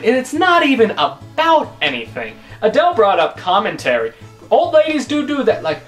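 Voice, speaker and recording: Young woman host, comic rant, lively up-and-down delivery, faint music underneath. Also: on the low side, moderate pace. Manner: exasperated, emphatic, repeats her points. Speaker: YouTube host. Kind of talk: comedic vlog rant.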